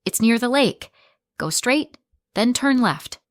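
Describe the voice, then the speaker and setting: Woman doing friendly male teacher, calm, plain and measured, dry close sound. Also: on the high side, no room sound, voice pushed up.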